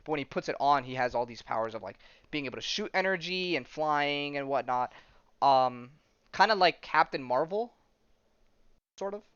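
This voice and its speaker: A man's voice: a little high, expressive, normal speed, fairly bright tone, smooth, dry recording, highs cut off. Laid-back man rambling on a podcast. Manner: rambling, laid-back, laughs at his own jokes. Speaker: podcast host. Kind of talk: casual chat retelling a comic plot.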